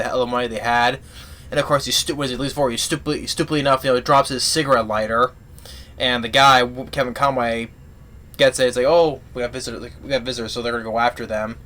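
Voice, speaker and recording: A man's voice: mid-range voice, sharp tone. Rambling man reviewing a film. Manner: rambling, halting plot retelling with many restarts. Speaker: movie reviewer. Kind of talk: casual spoken film review.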